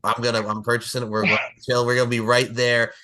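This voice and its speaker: Casual podcast host, a man in his forties, excitable, quick to laugh. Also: medium pitch. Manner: excitable, swears, laughs often. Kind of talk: casual chat.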